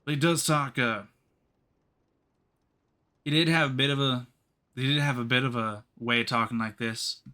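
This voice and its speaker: A man's voice: medium pitch, steady tone, moderate pace, long pauses, bright, forceful tone. An American man with a slight rural twang, streaming a game and chatting casually in a rambling way. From United States. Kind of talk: casual gaming commentary.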